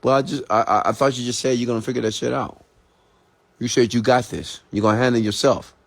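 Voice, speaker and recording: A man's voice: medium pitch, steady tone, fast talker, creaky. A man who is an entrepreneur and mentor, delivering a blunt, profane, confrontational late-night motivational rant.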